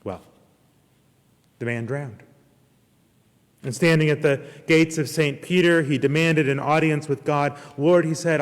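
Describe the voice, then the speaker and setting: A man preaching a sermon as minister, earnest and emphatic, with slow deliberate pauses. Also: on the high side. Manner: earnest preaching, slow emphatic pauses, retells a parable with lively character voices. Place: church service streamed online. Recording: long hall reverb.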